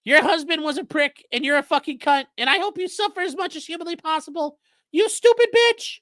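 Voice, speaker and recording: A man voicing a ranting male harassing caller in a screeching falsetto, full of profane hate. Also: brisk, pushed and bright, no room sound. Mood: shrill ranting.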